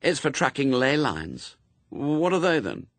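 A man's voice: medium pitch, very animated, measured pace, dry recording, pitched above the performer's own voice. A man voicing a curious, eager young boy in an audiobook reading. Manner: hopeful, boyish.

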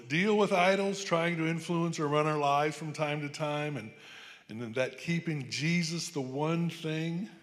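A man's voice: on the high side, fairly bright tone. A man preaching a sermon in a church, rambling through folksy stories and asides, often checking in with "amen?". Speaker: pastor. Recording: long hall reverb.

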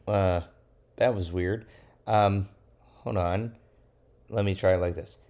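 A man, a rabbi, retelling a Bible story for children in a lively, playful way. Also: low voice, slow pace. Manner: lively storyteller, plays characters in quotes.

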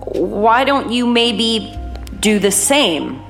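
A woman voicing a nervous, timid middle-aged married man in an audiobook, speaking in a hesitant, halting way. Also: a little high, big pitch swings, creaky, fairly bright tone, faint music behind, pitched above the performer's own voice, full character voice.

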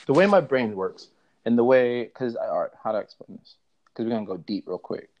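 Podcast guest: a man from Florida with a mixed American and British twang, animated storyteller, dull lo-fi audio. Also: medium pitch, a little fast. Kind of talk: casual chat. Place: living in London.

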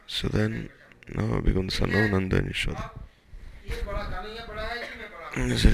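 A man's voice: lowish voice, moderate pace, gravelly, long pauses, crowd noise, low-quality recording. A man retelling devotional stories loosely and repetitively, acting out the characters' dialogue as he goes. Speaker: devotional storyteller.

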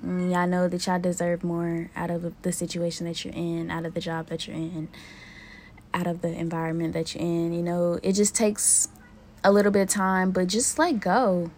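A woman's voice: lowish voice, little pitch movement, normal speed, a little mellow, slight background noise. A young woman hosting her own podcast, speaking in a candid, profane, emotionally raw solo vent to her listeners. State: emotionally hurt, near tears. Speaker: podcast host. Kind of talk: casual solo podcast venting.

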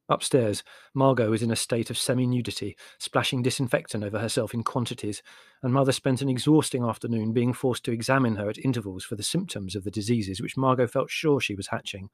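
A man narrating an audiobook with measured, wry storytelling in an average-pitched voice. The recording is dry and close, with no room sound. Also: slightly rough, dry recording.

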